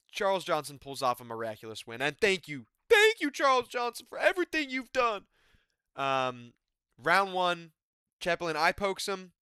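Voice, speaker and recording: A man's voice: a little high, pushed and bright, clean tone, no echo, studio quality. A man giving a rambling, profane, exasperated casual recap of a fight card. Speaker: MMA commentary YouTuber.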